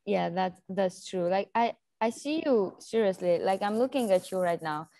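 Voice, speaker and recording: A woman interviewer who talks haltingly, searching for words with many restarts. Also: medium pitch, animated, mellow, dry recording. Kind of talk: casual interview conversation.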